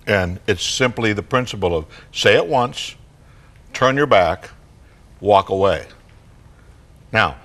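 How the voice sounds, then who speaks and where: An older man on a studio talk show, telling parenting stories and acting out kids and parents. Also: fairly low pitch. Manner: animated storyteller, acts out kids and parents. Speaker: guest parenting author.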